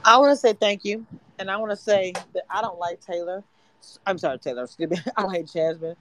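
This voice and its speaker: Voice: medium pitch, brisk, a little hiss or hum, low-quality recording. Tired, blunt caller from the South. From Louisiana or Texas. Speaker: caller in a live audio chat. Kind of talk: casual reality-show reaction.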